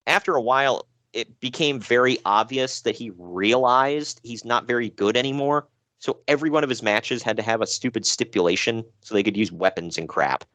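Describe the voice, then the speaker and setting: A man's voice: medium pitch, moderate pace, sharp tone, no room sound. A man hosting a casual podcast, reading out wrestling news with jokes and frequent laughs. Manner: jokey, self-deprecating, laughs often. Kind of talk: casual chat.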